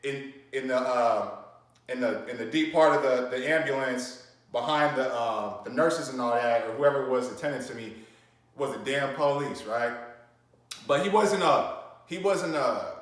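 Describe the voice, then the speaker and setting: Rambling, slangy man, mid-pitched, telling his story in a very echoey room. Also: moderate pace, distant mic. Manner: slangy, rambling, full of fillers and restarts. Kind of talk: casual storytelling.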